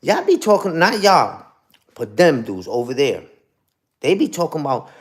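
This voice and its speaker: A man's voice: on the high side, very animated, moderate pace. A man ranting casually to his live chat in streetwise slang, dropping "you heard?" after his points and repeating himself. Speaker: livestream host.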